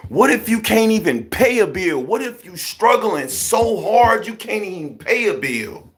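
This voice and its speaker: A man, giving casual, preachy commentary, repeating himself and firing rhetorical questions. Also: on the high side. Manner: animated, repetitive, rhetorical questions. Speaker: commentary vlogger.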